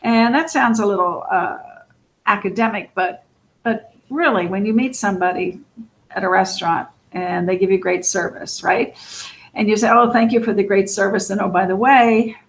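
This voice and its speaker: A woman's voice: medium pitch, normal speed, low-quality recording. Sniffly, chatty woman coaching. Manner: chatty, laughs often, role-plays sample dialogue. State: sniffly, scratchy voice. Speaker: real estate coach. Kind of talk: casual instructional talk.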